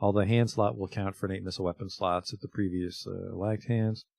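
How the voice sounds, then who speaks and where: Low-voiced man casually streaming a game. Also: fairly even intonation, brisk, vocal fry, a little mellow, no echo. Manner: chatty, swears casually, reads item text aloud. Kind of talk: casual livestream commentary.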